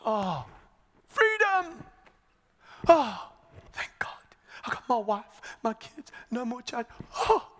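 A man voicing a forgiven servant, gasping out breathy, overjoyed exclamations. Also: very high-pitched, big pitch swings, slow pace, pauses often, fairly bright tone, in a large hall, pitched above the performer's own voice, exaggerated voice.

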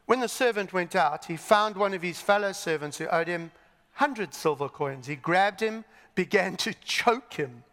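A male preacher delivering a sermon in an animated style, swinging between loud and hushed. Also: high voice, normal speed, big-room sound.

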